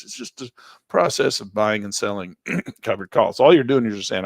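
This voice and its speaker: A middle-aged man giving a live trading lesson in a folksy, upbeat way, losing his voice and clearing his throat. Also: medium pitch, big pitch swings, normal speed, dry recording, studio quality. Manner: folksy, upbeat, talks while clicking through charts. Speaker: trading instructor.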